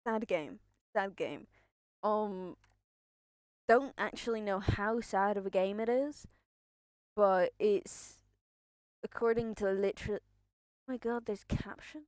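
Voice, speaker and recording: A woman's voice: medium pitch, takes it slowly, long pauses, a little mellow, dry recording, studio quality. A young woman streaming live, chatting in a rambling, nervous way, repeating herself and swearing, a bit out of breath. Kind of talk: casual live-stream chat.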